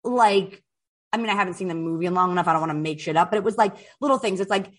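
Woman podcast host chatting, rambly, full of "like", swears a lot, pitch jumps around. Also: racing. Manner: animated storyteller, swears freely, lots of "like". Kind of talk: casual chat.

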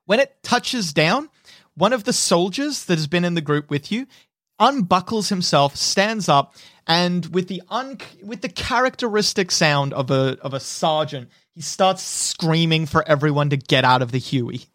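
A man's voice: fairly high pitch, expressive, normal speed, a bit bright, no room sound, studio quality. A man narrating as game master in vivid detail, adding sound effects.

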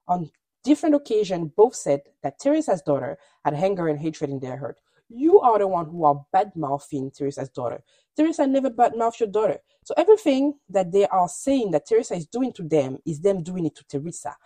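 A woman's voice: on the low side, big pitch swings, brisk, dark tone, no echo. A woman hosting a podcast, recapping reality shows in candid, gossipy, opinionated chat and often laughing. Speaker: podcast host.

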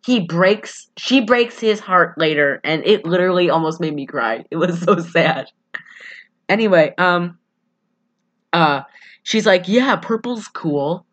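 A woman's voice: lowish voice, measured pace, fairly bright tone, highs cut off. A young woman from southern Michigan with a Midwestern accent, rambling through a casual movie recap with lots of fillers and giggles. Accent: Midwestern American. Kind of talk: casual chat.

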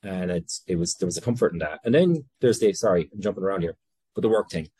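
An Irish man speaks as an interview guest, his voice low and a little husky. He wanders and restarts his thoughts, dropping the odd swear word. The sound is close and dry. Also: quick pace, warm tone, no room sound. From Ireland. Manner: rambling, self-interrupting, candid with casual swearing. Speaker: guest entrepreneur. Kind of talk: conversational interview.

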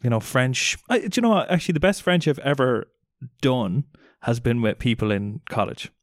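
A man's voice: medium pitch, expressive, normal speed, no room sound. Teasing young Irish man, dry close sound. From Ireland. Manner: teasing, easygoing, swears casually. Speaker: podcast co-host. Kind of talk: casual chat.

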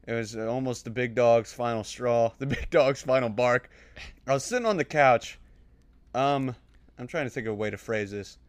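A man's voice: medium pitch, normal speed, clean tone, no room sound. A young man co-hosting a podcast, joking in a laid-back way and swearing freely. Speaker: podcast co-host. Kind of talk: casual chat.

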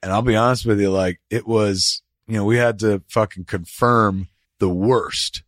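A man hosts a laid-back podcast conversation, telling animated, profanity-laced stories and dropping into quick impersonation voices. His voice sits on the low side, and the recording is studio quality with no echo.

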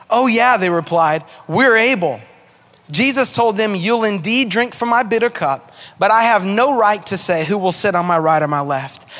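A male pastor giving a sermon in a church, chatty, animated and self-deprecating, reading scripture and praying. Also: high voice. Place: church auditorium.

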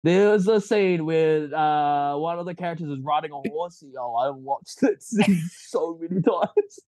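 A man's voice: a little high, measured pace, dark tone, dry recording, clean studio sound. A young man with a New Zealand accent, chatting casually as a podcast guest, rambling and laughing often. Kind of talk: casual chat.

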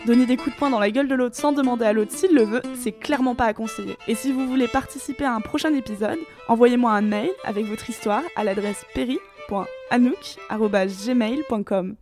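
Host, female, French accent, slightly high, brief matter-of-fact delivery. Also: quick pace, few pauses, a little mellow, soft background music. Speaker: podcast host. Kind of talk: casual interview questions and outro.

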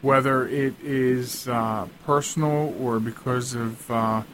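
A man's voice: medium pitch, fairly even intonation, slow pace, slight background noise. A man hosting a radio talk show, chatting casually and rambling with lots of restarts and asides.

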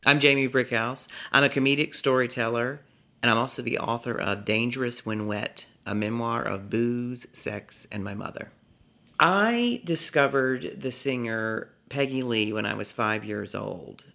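A middle-aged man from Texas, a comedic storyteller, telling a vivid personal story in a lively, theatrical way and savoring his words. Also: medium pitch, measured pace, vocal fry. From Texas, USA.

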